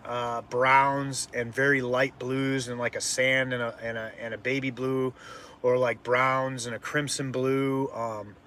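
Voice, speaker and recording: Chatty man with a bright, forceful voice. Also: mid-range voice. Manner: rambling, full of fillers and restarts; loud-mouthed, self-described. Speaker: artist hosting a live stream. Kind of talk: casual live-stream chat.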